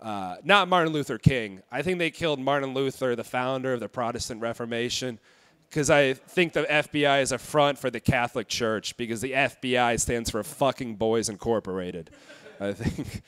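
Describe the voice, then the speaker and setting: A young man doing stand-up on a club stage, his voice clear and smooth through a handheld mic. He sits at a middling pitch and delivers shocking jokes deadpan, stumbling over small fillers between bits. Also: normal speed. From Indiana. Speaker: stand-up comedian. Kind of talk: stand-up set.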